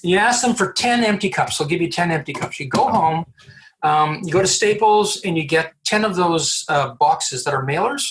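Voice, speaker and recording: A man's voice: fairly high pitch, normal speed. Man telling stories as a podcast guest. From Canada. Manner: animated storyteller, acts out dialogue, frequent restarts. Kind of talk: storytelling interview answers.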